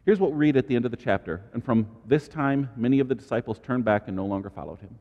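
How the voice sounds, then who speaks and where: A man preaching a sermon as pastor, animated, with dramatic asides and sudden high exclamations. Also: fast talker, in a large hall, highs cut off.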